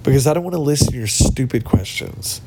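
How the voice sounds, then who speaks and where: A man's voice: medium pitch, lively intonation, quick pace, background noise. A man hosting a casual podcast monologue, ranting bluntly and mocking people, recorded in a cabin without his usual mic. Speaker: podcast host. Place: cabin with other people around. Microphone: not his usual podcast mic.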